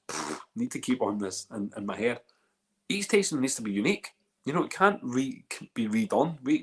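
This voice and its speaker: A Northern Irish man hosting a whisky festival live stream, chatting casually and rambling, often repeating words. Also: sits low. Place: live video call.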